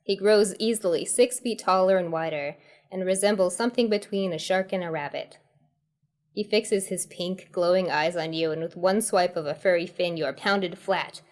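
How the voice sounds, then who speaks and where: A woman's voice: on the low side, normal speed, darkish tone. A woman hosting and reading a choose-your-path horror comedy tale aloud, who often breaks into giggles as she reads. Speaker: storyteller host.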